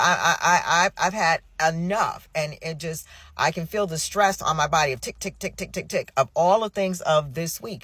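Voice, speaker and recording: A middle-aged woman caregiver venting in an exasperated, rushed way, often restarting her sentences. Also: low voice, fairly bright tone, no room sound. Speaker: family caregiver. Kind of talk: emotional personal venting.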